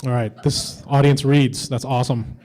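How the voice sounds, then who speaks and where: A man's voice: mid-range voice, fairly even intonation, normal speed, darkish tone, low-quality recording. A man doing a stand-up comedy set on a convention stage, with edgy, teasing banter toward the crowd.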